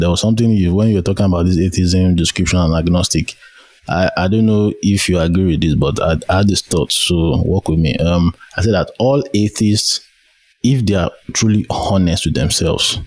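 Nigerian male host, lowish voice, irreverent, swears freely. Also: moderate pace, a little mellow, no echo. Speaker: podcast host. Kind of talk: casual podcast conversation.

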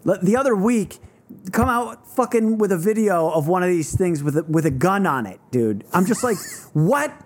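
A man's voice: high voice, normal speed. Rambling man swearing on a podcast. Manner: rambling, lots of swearing and restarts. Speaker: podcast co-host. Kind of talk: casual chat.

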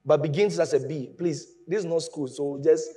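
A man preaching a sermon, explaining with lively emphasis that rises from quiet asides to raised points. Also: a little high, moderate pace, husky.

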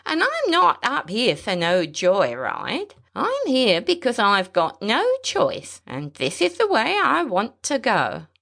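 A woman voicing a frail elderly male bush pilot with a thin, high, wavering voice that drawls and stammers. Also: huge pitch swings, takes it slowly, creaky, fairly bright tone, exaggerated voice. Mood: patient.

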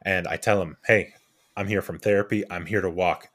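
Young adult male podcast co-host, low register, casual storyteller who acts out the people he quotes. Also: moderate pace. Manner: animated anecdote-telling with quoted voices and restarts.

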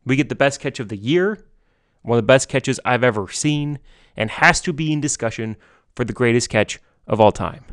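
A young man giving solo sports commentary from home, excitable and gushing, often repeating and restarting himself. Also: medium pitch, dry recording, clean studio sound. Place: home basement.

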